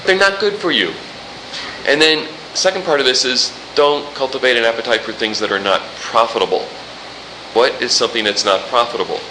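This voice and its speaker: A pastor giving a sermon, lively and joking, throwing rhetorical questions at the congregation. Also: male voice, medium pitch, reverberant, noisy background. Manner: animated, jokey preaching with rhetorical questions.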